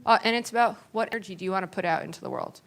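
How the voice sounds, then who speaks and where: A woman's voice: medium pitch, very fast, vocal fry. A woman on a panel speaking frankly and giving advice. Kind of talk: panel discussion.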